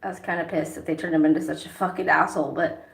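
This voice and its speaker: A woman vlogger talks in a loose, rambling way while doing makeup, swearing freely. Her voice is low and gravelly. The recording rings with the echo of a bare room. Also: steady tone, quick pace. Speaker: vlogger, songwriter. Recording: echoey room.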